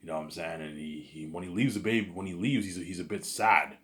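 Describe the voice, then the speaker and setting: A man telling a made-up story in a rambling, casual way, stammering and repeating himself, with bursts of excited asides. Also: low voice, fast talker. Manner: repetitive and stammering, with constant "you know what I'm saying" fillers. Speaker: storyteller pitching a film idea.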